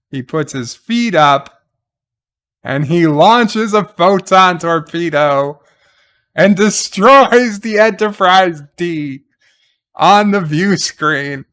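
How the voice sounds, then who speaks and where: Man, episode reviewer, smooth clear voice, slow, stop-start recap, slightly high. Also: lively intonation, fairly bright tone. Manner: halting, with frequent restarts and fillers.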